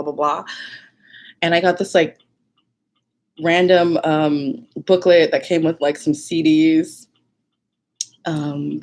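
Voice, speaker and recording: A woman vlogger telling a personal story in an animated, casual way, full of fillers and laughs. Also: low-pitched. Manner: animated, many fillers, laughs while talking.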